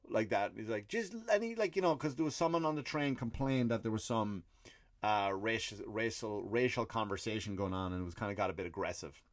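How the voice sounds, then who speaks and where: A man's voice: fairly low pitch, brisk, no room sound, studio quality. Irish man in a profane comic rant. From Ireland. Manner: profane, animated storytelling with acted-out quotes. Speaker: comedian and podcast host. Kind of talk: ranting comedic monologue.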